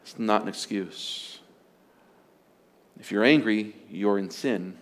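A man's voice: lowish voice, takes it slowly. A man preaching as a pastor, earnest and emphatic, often repeating his phrases for stress. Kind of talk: sermon on marriage.

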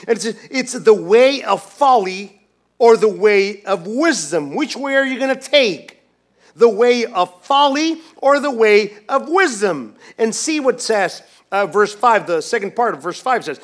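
A man preaching a sermon as pastor, swinging from hushed, quiet lines to loud, emphatic ones, with many restarts. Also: high-pitched, animated, slow.

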